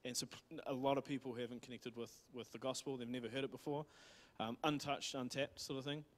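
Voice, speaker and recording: A man's voice: medium pitch, fairly even intonation, fairly quick. A man with a New Zealand accent retelling a missionary's story in a church talk, rambling with many fillers and restarts. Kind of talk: casual sermon storytelling.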